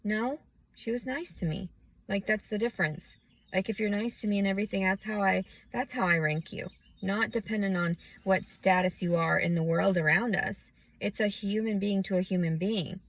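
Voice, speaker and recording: A woman's voice: medium pitch, normal speed, no echo, low-quality recording. A woman in her thirties giving a scattered, emotional personal rant, often restarting and fighting back tears. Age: 30s. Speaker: vlogger. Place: outdoors.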